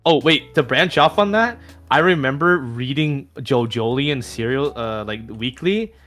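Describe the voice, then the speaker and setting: A man chatting casually on a stream, swearing often and working himself up into loud rants. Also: medium pitch, unhurried, soft background music. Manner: swears a lot, gets loud and ranty. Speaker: animator streaming. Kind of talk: casual chat.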